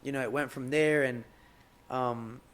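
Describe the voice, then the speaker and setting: A young man talking as a podcast guest in casual conversation, heartfelt and halting, often repeating words as he searches for them. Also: medium pitch, steady tone, fairly bright tone, clear, resonant tone.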